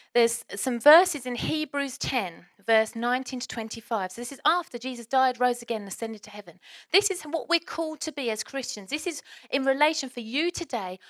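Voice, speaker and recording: Woman pastor, sermon, earnest and exhorting, higher voice, dry close sound. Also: fairly bright tone, no room sound. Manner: earnest, exhorting with repeated rhetorical questions.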